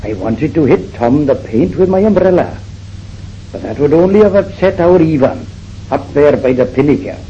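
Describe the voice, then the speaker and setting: A man's voice: fairly high pitch, lively intonation, moderate pace, mellow, natural voice. A man with a Welsh accent playing a fretful, gossiping housewife in a comic monologue. He is flustered and breathless and keeps repeating himself. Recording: dull old recording with faint hiss.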